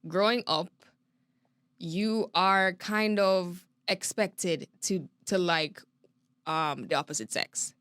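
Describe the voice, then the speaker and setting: A young woman with a Jamaican accent hosting a casual chat, emphatic and animated, often jumping up in pitch to exclaim. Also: slow pace, clean tone, dry recording. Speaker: podcast host.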